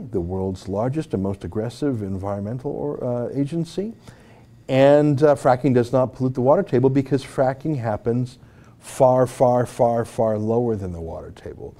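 Man, studio host, dark mellow tone, argues his points hard, lots of "uh" and restarts. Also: on the low side. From Alberta, Canada. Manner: emphatic, argumentative, with frequent fillers and restarts. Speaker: political commentary host. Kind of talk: opinionated commentary.

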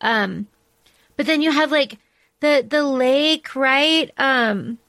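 A woman's voice: high-pitched, slow pace, a bit bright, dry recording. A woman co-hosting a podcast, chatting about a movie in an emotional, gushing way, full of fillers and restarts. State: tearing up. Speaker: podcast co-host. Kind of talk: casual movie discussion.

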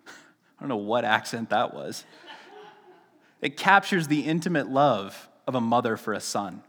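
A male pastor gives a relaxed, chatty sermon, cracking jokes and stumbling over his own words. His voice sits at an ordinary pitch. It rings out with a long reverb through the church hall. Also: normal speed. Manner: chatty and joking, with frequent restarts and laughs. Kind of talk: casual sermon. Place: church sanctuary.

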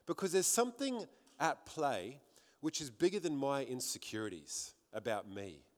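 A man's voice: medium pitch, very animated, normal speed. Fervent male preacher in a reverberant hall. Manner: fervent preaching, repeats words while building up. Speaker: pastor. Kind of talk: sermon. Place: church hall with a congregation.

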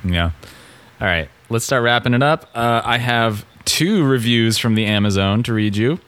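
A man's voice: medium pitch, lively intonation, normal speed, fairly bright tone, clean tone. A man co-hosting a podcast in casual chat, joking and laughing easily as he reads listener reviews aloud. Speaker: podcast co-host.

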